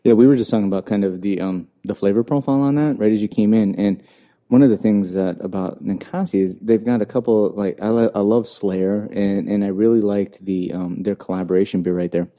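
A man with a very deep, dark and mellow voice chats casually about beer. He rambles along, with plenty of ums and restarts, in a relaxed podcast conversation. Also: fairly quick. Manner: rambling, many fillers and restarts. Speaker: podcast co-host.

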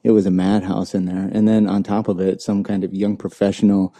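A man's voice: low voice, little pitch movement, a little fast, warm tone. A man co-hosting a casual beer podcast, talking in a rambling way with many fillers and restarts. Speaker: podcast co-host.

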